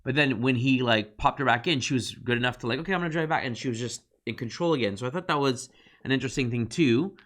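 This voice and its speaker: A man's voice: medium pitch, quick pace, a bit bright. A man co-hosting a casual review podcast, retelling scenes at length and acting out lines of dialogue. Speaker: podcast co-host.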